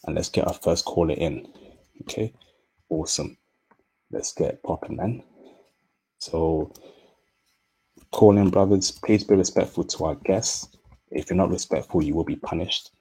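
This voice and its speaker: Slow-talking deep-voiced male stream host. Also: a little mellow, breathy edge. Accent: non-native English. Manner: slow, deliberate speech. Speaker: livestream host. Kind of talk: casual livestream talk.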